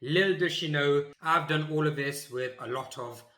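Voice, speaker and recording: A young man telling a funny story from his school days, animated and emphatic, acting out the scenes. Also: a little high, normal speed, reverberant. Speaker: YouTuber. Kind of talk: comic storytelling.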